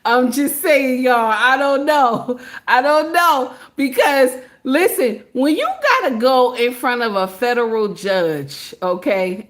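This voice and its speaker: A woman's voice: high voice, sing-song, takes it slowly, fairly bright tone. A woman vlogger giving casual commentary, chatty and repetitive, often breaking into laughter.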